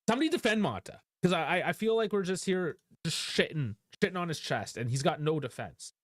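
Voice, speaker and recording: A man's voice: fairly high pitch, lively intonation, fairly quick, no echo, studio quality. A man hosting a live football stream, talking in a casual, frustrated and sarcastic way, with plenty of swearing. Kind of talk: casual live-stream post-match rant.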